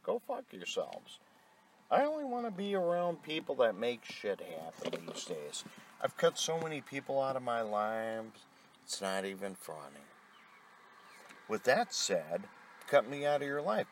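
Blunt, foul-mouthed male vlogger, deep gravelly voice, animated delivery, outdoors by a road. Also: slight background noise. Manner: blunt, combative, swears constantly. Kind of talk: profane ranting monologue. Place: outdoors beside a road with passing cars.

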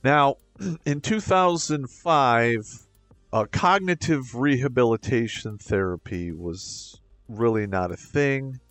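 A middle-aged army veteran from Michigan telling his own story in a deliberate, halting way, now and then stammering or losing his thread. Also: medium pitch, animated, a bit bright, no room sound, soft background music. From Michigan, USA. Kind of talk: personal account to camera.

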